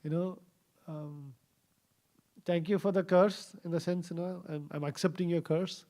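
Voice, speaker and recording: A man voicing a humble male king who calmly accepts his fate, with hesitant pauses. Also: on the high side, lightly acted.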